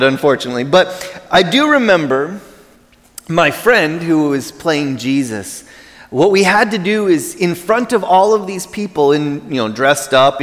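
A man preaching to his congregation, his voice a little high for a man and carrying a long reverb from a big church hall. He tells a story in a loose, conversational way before he settles into steady teaching. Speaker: pastor. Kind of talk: sermon.

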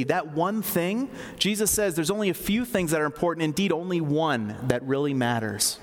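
A man's voice: on the high side, expressive, normal speed, hardly any pauses. A man preaching a sermon in a conversational way, with fillers and asides. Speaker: pastor. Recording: long reverb of a large hall.

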